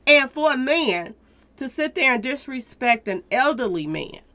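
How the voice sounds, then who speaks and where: A woman's voice: high-pitched, expressive, measured pace, bright, forceful tone. A woman hosting a casual news commentary, talking straight to her viewers, repeating her points with emphasis. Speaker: commentary channel host.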